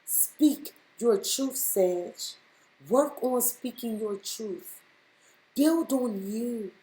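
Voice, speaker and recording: Speaking extremely slowly, a woman with a fairly high, warm and expressive voice gives a spiritual tarot reading. She talks straight to the listener and repeats things with emphasis, all captured with a roomy echo.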